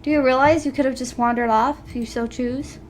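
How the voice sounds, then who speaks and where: Brief: a woman reading as a stern, proper male inventor, formal and clipped, voiced in a high register. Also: steady tone, fairly quick, a little mellow, a little hiss or hum, natural voice. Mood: gentle, formal. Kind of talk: reading a visual novel aloud.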